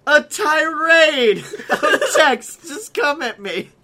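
A young man co-hosting a podcast, telling a story in casual chat, animated and profane, laughing as he acts out what others said. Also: very high voice, takes it slowly, a little hiss or hum. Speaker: podcast co-host.

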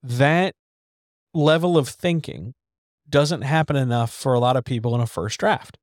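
The host's mid-range voice runs a little slow, recorded at studio quality on a studio microphone with no room sound. His casual writing podcast offers instructional chat delivered candidly and with plenty of swearing, his S's dragged and his D's and T's struck hard.

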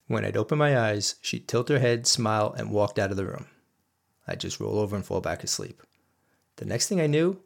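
A man's voice: fairly low pitch, lively intonation, normal speed, gravelly. A man hosting a podcast, telling a personal story in an earnest, emphatic monologue aimed straight at his listeners. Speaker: podcast host.

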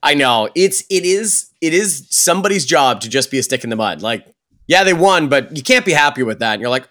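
An animated man co-hosting a casual podcast. His pitch swings widely as he rants, full of fillers and mocking asides. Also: brisk. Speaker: podcast co-host. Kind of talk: casual chat.

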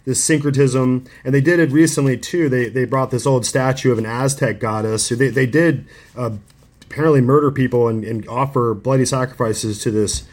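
A man hosting an interview, agreeing often and speaking in a halting way with frequent restarts. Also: mid-range voice, fairly even intonation. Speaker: interview host. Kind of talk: conversational interview.

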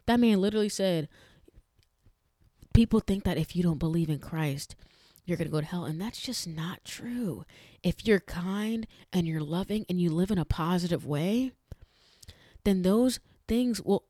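A woman's voice: fairly low pitch, brisk, a little mellow, no room sound, studio quality. A woman hosting a faith-based podcast, talking earnestly and with emphasis, chatting directly to her listeners with frequent restarts. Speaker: podcast host.

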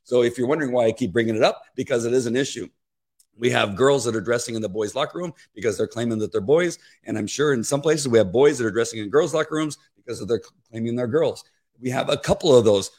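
A man's voice: medium pitch, fast, a little mellow. Earnest rambling man host. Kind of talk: casual spoken commentary.

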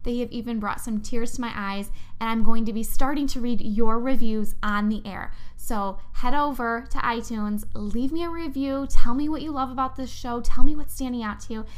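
A woman's voice: fairly high pitch, fairly even intonation, normal speed. A young woman hosting a motivational podcast, talking straight to her listeners in an upbeat, heartfelt way. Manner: enthusiastic, heartfelt, speaks directly to listeners. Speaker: podcast host.

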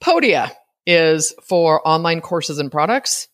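A deep-voiced woman runs her solo podcast from a home setup with a podcast microphone. Her talk is conversational and frank, dotted with light laughs and side remarks. Occasionally she pauses and spells out a word letter by letter.

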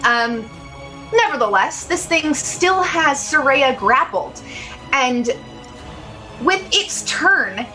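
A woman running a tabletop game as game master, describing monsters and calling for saving throws in a measured way. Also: high voice, animated, pushed and bright, soft background music.

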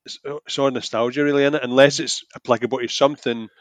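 A man's voice: mid-range voice, steady tone, fast, no room sound. Laid-back man chiming in on a podcast. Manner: laid-back, chips in with short replies and jokes. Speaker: podcast co-host. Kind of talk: casual chat.

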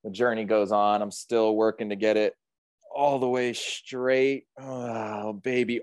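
A man's voice: mid-range voice, little pitch movement, unhurried, darkish tone, smooth, no room sound. A man, a surfer guest on an interview podcast, retelling a near-drowning in a vivid, earnest and reflective way. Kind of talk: emotional storytelling in an interview.

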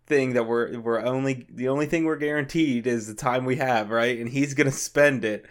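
A man's voice: mid-range voice, normal speed, few pauses. Podcast cohost guy, jokey, laughing through his lines. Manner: joking, laughs often. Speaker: podcast co-host. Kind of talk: casual chat.

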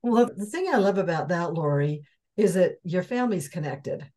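A woman's voice: fairly low pitch, expressive, normal speed, darkish tone. A woman hosting an interview and responding to her guest's story. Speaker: host. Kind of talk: interview chat.

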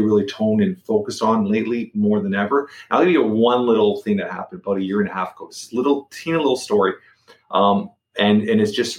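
Man, middle-aged, low voice, casual storytelling, repeats himself, echoey room. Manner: repeats words, fillers, restarts. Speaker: podcast guest.

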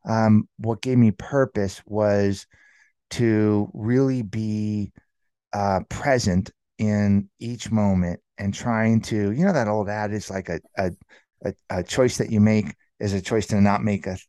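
A man's voice: fairly low pitch, fairly even intonation, slow, mellow, no echo. A man in his thirties telling his personal story as an interview guest, rambling and filling his talk with "like" and "you know". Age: 30s.

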